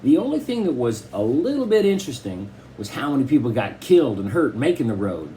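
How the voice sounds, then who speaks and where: A man's voice: a little fast, slight background noise. A man narrating a children's novel as an audiobook reader, storytelling expressively. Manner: expressive storytelling with shifting pitch. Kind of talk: scripted narration.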